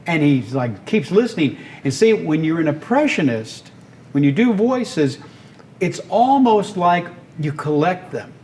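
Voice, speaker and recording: Older male guest, animated storyteller, a touch high-pitched. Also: measured pace, slight background noise. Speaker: guest, radio and voice performer. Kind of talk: storytelling interview talk.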